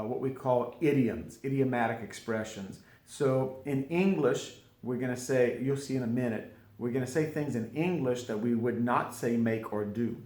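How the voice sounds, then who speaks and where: A man giving an informal French grammar lesson, drilling conjugations slowly and repeating each form with small asides. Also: medium pitch. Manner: slow, repetitive drilling with asides. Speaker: French teacher. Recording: echoey room.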